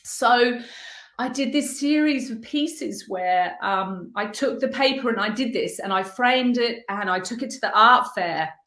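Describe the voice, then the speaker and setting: Middle-aged female interview guest from the UK; reflective, searching delivery, higher register, reverberant room. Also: fairly bright tone. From United Kingdom. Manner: earnest, reflective, halting as she searches for words. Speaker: guest artist. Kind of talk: personal storytelling interview. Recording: echoey room.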